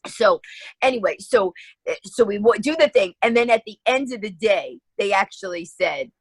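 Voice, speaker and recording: A woman guest on a talk program, telling stories in an animated way and acting out the voices of the people in them. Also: mid-range voice, moderate pace, slightly rough, dry recording, poor audio. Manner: lively, acts out voices in her anecdotes. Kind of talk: animated storytelling in an interview.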